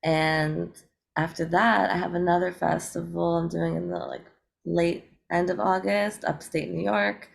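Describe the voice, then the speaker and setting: Guesting on an interview show, this American eco-rapper keeps things chatty and cheerful, laughing often and using plenty of fillers. She has a lowish, creaky voice with a steady tone and a slightly slow pace.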